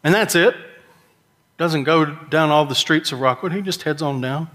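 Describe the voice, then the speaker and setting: A middle-aged man delivers a sermon. He tells the story in a folksy, conversational way and slips into whiny voices for the characters. His voice sits a little higher than most men's. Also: moderate pace, a bit bright, long reverb tail. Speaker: pastor.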